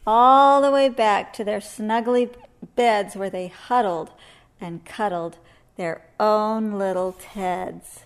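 A woman reading a rhyming children's story aloud in a gentle, sing-song way. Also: medium pitch, takes it slowly, clear, resonant tone. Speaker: storybook reader.

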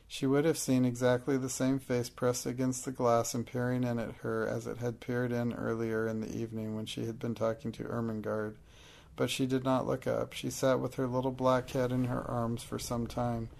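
A man narrating an audiobook in a steady, measured way. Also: mid-range voice, creaky.

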